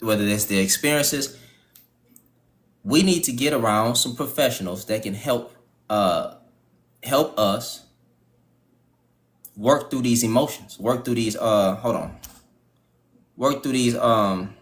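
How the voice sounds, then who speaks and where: A man's voice: mid-range voice, slow, pauses often. A man hosting a live panel stream, ranting profanely with restarts, stutters and laughter. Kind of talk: casual live-stream talk.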